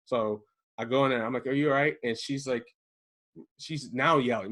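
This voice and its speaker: A man in his thirties from Maryland telling a story in casual chat, acting out the quotes with lively jumps in his voice. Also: normal speed. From Prince George's County, Maryland. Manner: animated, acts out quotes with big jumps in pitch. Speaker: podcast co-host telling a story.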